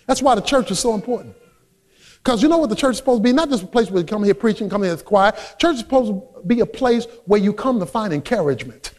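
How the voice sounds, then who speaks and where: A man, a pastor, delivering an emphatic sermon that swings between soft asides and shouted high points. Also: very animated, a little fast, in a large hall.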